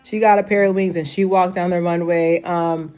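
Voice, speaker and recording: A woman's voice: lowish voice, steady tone, moderate pace, darkish tone, clean tone, soft background music. A woman in her thirties giving a casual, rambling review, full of "like" and frequent laughter. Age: 30s. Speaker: fashion show reviewer.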